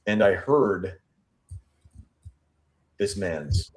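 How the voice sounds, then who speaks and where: On his true crime show, a low-voiced, animated man analyzes an interview statement line by line, reading the quotes aloud. He thinks out loud, repeating and restarting phrases as his pace swings between slow and rushed.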